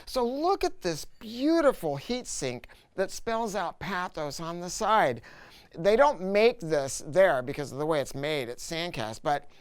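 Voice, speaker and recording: A man's voice: high voice, animated, a little slow, smooth. Emphatic man telling a dealer's story. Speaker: audio dealer presenting a product review. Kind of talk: casual product review talk.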